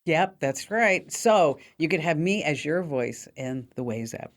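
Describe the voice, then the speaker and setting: Her voice sits low and is expressive, moving a little slowly. She hosts a casual call-in radio show, sharing tech tips in a chatty, upbeat, relaxed manner and filling her explanations with lots of fillers.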